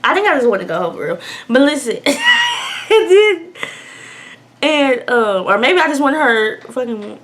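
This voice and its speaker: A young woman telling a personal story in a candid, emotional way, swinging between hushed and loud. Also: high-pitched, huge pitch swings, unhurried, pauses often. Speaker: vlogger. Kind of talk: storytime vlog.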